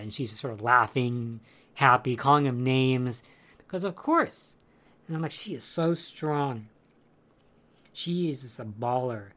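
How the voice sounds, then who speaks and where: A man's voice: mid-range voice, fairly bright tone. A man casually retelling a film's plot for a review, in a loose, chatty way full of fillers. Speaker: film reviewer. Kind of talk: casual spoken film review.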